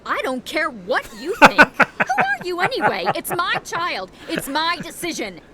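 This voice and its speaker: A worried young mother in a sci-fi game scene. Her voice is high, bright and lively, and she talks in a defensive, pleading way. Faint game ambience sits behind her. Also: measured pace, slight background noise, exaggerated voice. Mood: defiant. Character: anxious young mother refusing gene therapy. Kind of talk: video game voice acting.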